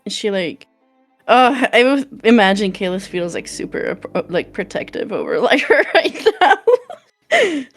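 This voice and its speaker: Woman, role-play player, higher pitch, animated, faint music behind. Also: a little slow. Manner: animated, swearing, giggly. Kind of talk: tabletop role-play chat.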